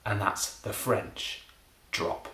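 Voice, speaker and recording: A middle-aged man from England, a comedy magician, rambling through a deadpan, self-deprecating monologue. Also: on the low side, very slow, echoey room, slight background noise.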